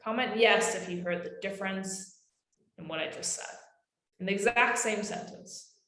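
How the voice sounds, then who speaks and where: A woman's voice: mid-range voice, moderate pace, a bit bright. A young adult woman presenting a live webinar in a casual, emphatic way, often calling her listeners guys. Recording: roomy echo.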